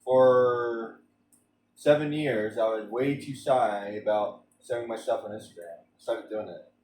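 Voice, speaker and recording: A man's voice: medium pitch, a little slow, a little mellow. Rambling man with a roomy, distant sound. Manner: rambling, with frequent restarts and stammers. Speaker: streamer. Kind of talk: casual rambling chat during a game stream.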